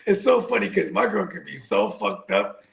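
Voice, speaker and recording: A man telling stories in a casual podcast chat, animated and slangy, sometimes breaking into loud shouts. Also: high-pitched, moderate pace, vocal fry. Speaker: podcast co-host.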